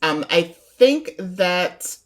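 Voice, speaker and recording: A woman's voice: fairly low pitch, lively intonation, extremely slow. A woman podcast guest chatting casually, opinionated and speculative, laughing now and then as she explains. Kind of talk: casual chat.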